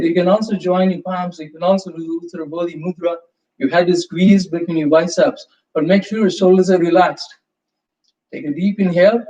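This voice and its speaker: Calm male yoga teacher in a roomy space. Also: sits high. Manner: calm, slow step-by-step cues with breath prompts. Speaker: yoga instructor. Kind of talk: live yoga class instruction. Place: room of a live yoga class. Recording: roomy, distant, slightly dull sound.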